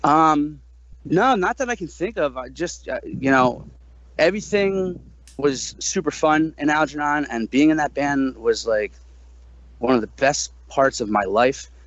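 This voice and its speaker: A man in his thirties, a guest musician in a casual podcast interview, talking animatedly, swearing freely and jumping up high when he quotes himself. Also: lively intonation, unhurried, fairly bright tone, dry recording, dull audio.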